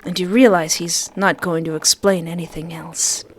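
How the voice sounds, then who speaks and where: A woman reading a visual novel aloud and reacting to it on her channel, with excitable, laughing reactions. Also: lowish voice, moderate pace, a little hiss or hum. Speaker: game streamer.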